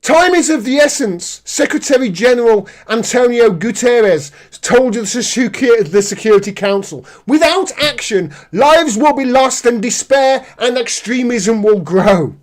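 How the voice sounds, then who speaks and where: A man's voice: extremely high pitch, animated, measured pace, hardly any pauses. Sarcastic man ranting. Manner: sarcastic, indignant, reads news aloud. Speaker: political commentary host. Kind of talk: live-stream ranting commentary.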